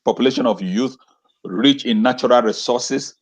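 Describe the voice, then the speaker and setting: Medium in pitch with a breathy edge, this man speaks at a normal speed. Interviewed as an educator over video, he delivers an impassioned talk full of rhetorical questions and phrases he repeats.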